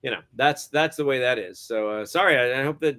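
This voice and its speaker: A man's voice: mid-range voice, fairly quick, sharp tone. A middle-aged man, a guest cinematographer, telling stories in a casual interview, rambling with many hesitant fillers and frequent chuckles.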